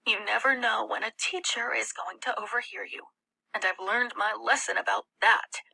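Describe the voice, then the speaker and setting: Woman narrator putting on a hushed, frightened teen girl; breathy storybook whisper. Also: a little high, fairly even intonation, moderate pace, voice pushed up, heavily acted, rough recording. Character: frightened teenage girl confiding quietly.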